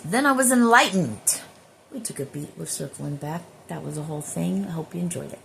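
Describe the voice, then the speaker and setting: A woman's voice: low-pitched, fairly even intonation, quick pace, gravelly, warm tone, a little hiss or hum. A woman who works as a spiritual healer, rambling in a casual spiritual monologue with drifting, profane asides.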